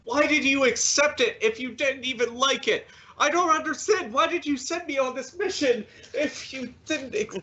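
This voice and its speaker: A man's voice: mid-range voice, unhurried, bright, forceful tone, a little hiss or hum, voice pushed down. A man voicing a devoted male adventurer who speaks earnestly and stammers when he pleads. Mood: pleading.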